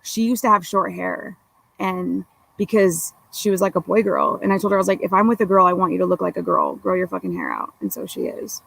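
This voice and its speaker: A woman's voice: fairly low pitch, lively intonation, brisk, gravelly, a bit bright, rough recording. A young woman guest on a podcast, telling stories in a blunt, profane, rambling way full of fillers. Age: young adult. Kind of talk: casual storytelling chat.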